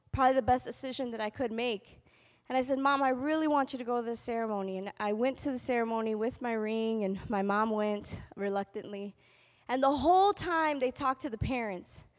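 A young adult woman giving a spoken testimony at a convocation, telling her story with animated delivery and acting out what people said. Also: fairly high pitch. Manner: animated storytelling, acting out quotes in shifting voices. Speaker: convocation speaker. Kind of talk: testimony talk to an audience.

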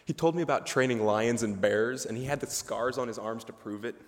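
A man's voice: mid-range voice, fairly quick. A young man, a ministry student, giving a humorous, chatty chapel talk, full of asides and fillers. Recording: reverberant chapel hall.

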